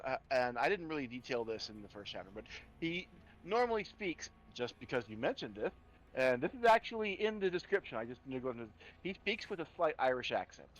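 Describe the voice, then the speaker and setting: A man's voice: medium pitch, highs cut off. A man running a tabletop horror game as game master, often stalling on fillers and restarting sentences. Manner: hesitant, many fillers and restarts.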